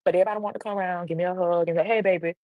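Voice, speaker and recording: A young adult woman telling a casual storytime on a livestream, animated and acting out the voices of people in her story. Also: lowish voice, racing, no echo, narrow, tinny audio. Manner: animated, acts out quoted voices. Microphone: livestream computer mic.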